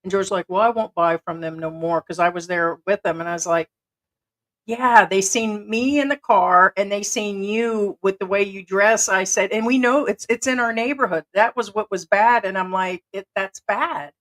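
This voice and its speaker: A woman's voice: mid-range voice, moderate pace, fairly bright tone, rough recording. A woman co-hosting a livestream, chatting casually and retelling stories with quoted back-and-forth dialogue. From United States. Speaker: livestream co-host.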